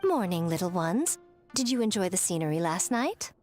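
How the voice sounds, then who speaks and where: A woman's voice: on the low side, sing-song, normal speed, darkish tone, faint music behind. A woman voicing a sly, teasing shrine priestess in a video game. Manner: teasing and playful. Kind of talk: game voice acting.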